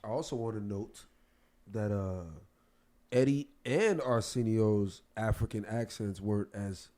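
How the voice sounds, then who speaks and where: A man co-hosting a comedy podcast, laid-back with quick asides. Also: fairly low pitch, darkish tone. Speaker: podcast co-host. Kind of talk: casual comedy podcast banter.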